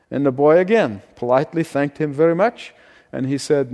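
A man preaching a sermon, telling a story with frequent chuckles and easing into quiet prayer. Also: on the high side, fairly quick, big-room sound.

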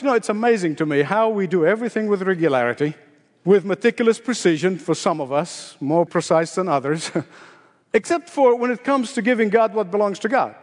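An older male pastor preaches a sermon in a high, emphatic voice, repeating key phrases and raising his pitch to drive them home. A long reverb tail follows his words, as in a large hall.

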